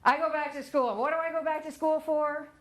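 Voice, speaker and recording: A middle-aged woman giving a talk, telling her own story with lively asides and acted-out quotes. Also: high-pitched, a little fast, a little hiss or hum. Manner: lively storytelling, acts out quoted voices, laughs at herself. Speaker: conference speaker.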